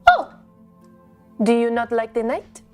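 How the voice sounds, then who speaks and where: A woman's voice: on the high side, very animated, a little slow, faint music behind. A woman voicing a sentient little wooden marionette girl with a put-on French accent, sweet and sing-song. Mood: sweet, curious.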